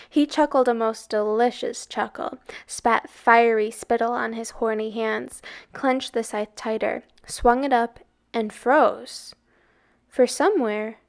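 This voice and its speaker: Woman reader, book club, slow dramatic storytelling, fairly high voice. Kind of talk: reading a novel aloud.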